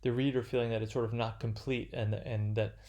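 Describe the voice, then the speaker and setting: A man giving an unscripted literature lecture, halting and full of fillers and restarts. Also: medium pitch, little pitch movement, warm tone.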